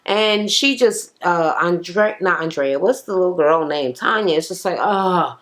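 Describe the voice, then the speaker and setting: A woman giving a blunt, profane, casual recap of a reality show, slipping into exaggerated quoted voices. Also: a little slow. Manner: blunt, sassy, heavy swearing, acts out quotes in raised pitch.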